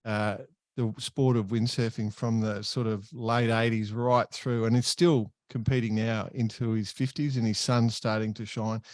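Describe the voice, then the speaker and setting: A man co-hosts a sailing chat show and welcomes his guest with real eagerness, laughing often. His voice sits at an ordinary middle pitch. The sound is dry, with no room echo. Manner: enthusiastic, laughs a lot, introduces the guest. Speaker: podcast co-host. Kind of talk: casual chat.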